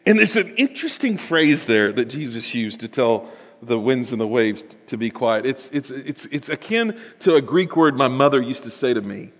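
A man preaching a sermon in a church, animated and building to emphatic bursts. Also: medium pitch, moderate pace. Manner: animated, rising to emphatic bursts, with chuckles and repetitions. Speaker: pastor. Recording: long reverb of a large hall.

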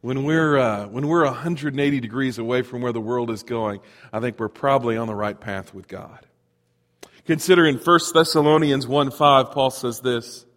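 A middle-aged man preaching a sermon as pastor, telling stories in a lively, conversational way. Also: mid-range voice, moderate pace, long reverb tail. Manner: storytelling, animated, conversational.

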